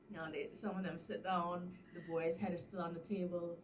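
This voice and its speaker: A young woman with a fairly low voice tells a story from her teaching day, laughing and playing out the quotes as she goes. She sits a little back from the mic, and a steady background noise runs under her voice. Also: normal speed, recorded from a distance. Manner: animated storyteller, laughing often, acting out quotes. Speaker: teacher and podcast guest storyteller. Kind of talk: casual podcast chat.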